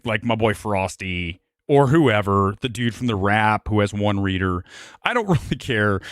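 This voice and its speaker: A man hosting a casual live movie-review stream, talking in a brash, rambling way with frequent swearing and quick laughs. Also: medium pitch, a bit bright, dry recording, studio quality. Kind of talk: casual live-stream chat reading comments. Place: home studio near Los Angeles.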